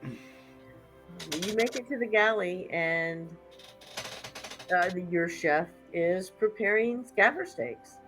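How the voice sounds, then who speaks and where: A woman running a tabletop game as game master, setting scenes slowly with wry asides. Her voice sits mid-pitch, and faint music plays underneath. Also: expressive, poor audio.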